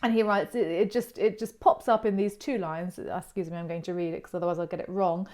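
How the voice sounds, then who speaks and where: A woman's voice: on the low side, fairly even intonation, brisk, hardly any pauses, darkish tone. A woman hosting a casual educational chat, talking in a friendly, digressive way and wandering off into personal stories. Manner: chatty and digressive, telling stories on herself. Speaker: host of an online art channel's chat series.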